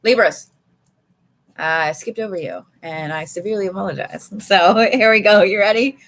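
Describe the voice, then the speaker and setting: A woman's voice: mid-range voice, moderate pace, background noise. A woman giving a casual live card reading from home, chatty and swearing freely. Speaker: live tarot reader. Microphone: streaming setup.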